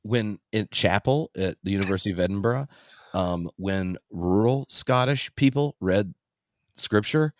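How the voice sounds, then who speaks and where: A man hosting a podcast in casual chat, telling animated anecdotes. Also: fairly low pitch, measured pace, no echo. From US South. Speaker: podcast host.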